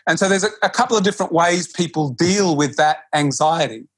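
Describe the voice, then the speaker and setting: Husky, earnest yoga teacher. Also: male voice, a little high, fairly quick, fairly bright tone, no echo. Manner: earnest, restarts often, acts out quotes. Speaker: yoga teacher, podcast guest. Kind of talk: reflective conversational interview.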